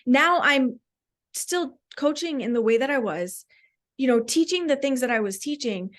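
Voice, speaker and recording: A woman's voice: high voice, expressive, normal speed. A woman speaking as a podcast guest, candid and reflective, with frequent "like" fillers. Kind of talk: casual conversational interview.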